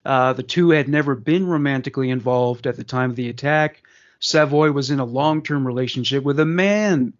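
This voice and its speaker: A man's voice: medium pitch, moderate pace, highs cut off. A man co-hosting a podcast, reading a crime news story aloud with frequent fillers and casual asides. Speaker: podcast co-host.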